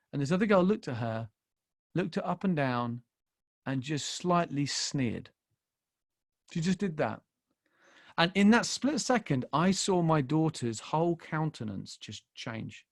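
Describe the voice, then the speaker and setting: A man in his forties preaching a sermon as pastor, telling a personal story and swinging between hushed and loud emphasis. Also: a little high, no echo, studio quality. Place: church.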